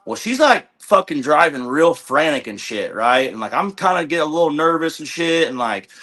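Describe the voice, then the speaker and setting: A young man recounts a chaotic day as a podcast guest, his voice bright and forward. He rambles, swears freely and acts out what everyone said. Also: a little high, big pitch swings, moderate pace. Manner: rambling, profane, retells with quoted dialogue. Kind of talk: casual storytelling in a podcast chat.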